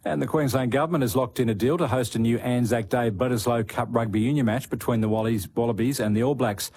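A man reading radio news bulletins in a measured scripted way. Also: medium pitch, a little mellow. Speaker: news presenter.

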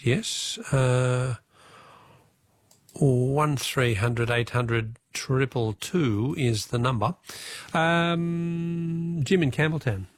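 An Australian man hosting a radio quiz, reading questions and taking callers briskly. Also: medium pitch, no room sound.

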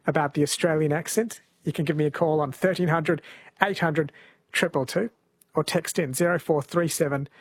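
A man's voice: on the high side, steady tone, normal speed, slightly rough, no echo. A man hosting a radio interview, asking curious, chatty questions in a studio. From New Zealand. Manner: chatty, inquisitive. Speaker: radio host.

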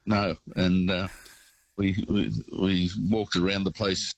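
A man with an Australian accent calling in to a radio show and telling a rambling, relaxed travel anecdote. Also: low-pitched, slow, no echo, highs cut off. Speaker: caller. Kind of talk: casual phone-in storytelling.

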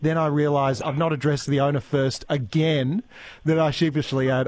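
A man's voice: fairly high pitch, little pitch movement, normal speed, a little mellow, dry recording. Aussie guy hosting morning radio, chatty, lots of uh's, dry studio mic. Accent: Australian. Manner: chatty, with frequent fillers and restarts. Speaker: radio host. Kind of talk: live talk radio hosting.

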